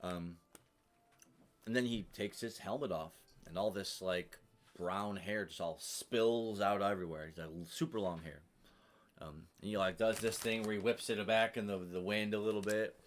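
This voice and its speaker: Game master, male, lowish voice, rambling narration with fillers. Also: measured pace, slight background noise. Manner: rambling, full of fillers and restarts.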